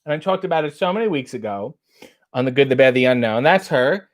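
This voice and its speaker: A man's voice: mid-range voice, expressive, fast talker. A man hosting a casual show, reading out viewer comments and answering them with dry, wry humor. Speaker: host.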